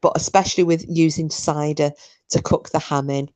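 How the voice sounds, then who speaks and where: A woman's voice: low voice, fairly even intonation, normal speed, a little mellow. A woman hosting a live chat with viewers, talking bluntly and casually, swearing freely. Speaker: livestream host chatting with viewers.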